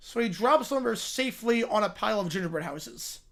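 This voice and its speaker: A man hosting a livestream, reacting to a played video with quick, bemused asides. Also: extremely high pitch, animated, a bit bright. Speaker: livestream host. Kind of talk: live reaction commentary.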